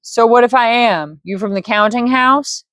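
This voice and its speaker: Woman doing a high, strained, raspy drunk man, slurring and hostile, storybook reading. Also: normal speed, a bit bright, no echo, clean studio sound, close to an everyday voice. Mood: angry drunk.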